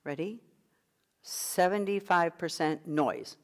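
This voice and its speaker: A woman's voice: fairly low pitch, takes it slowly. A middle-aged woman leading an online vocal workshop as a coach, guiding breathing exercises in an encouraging manner. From United States.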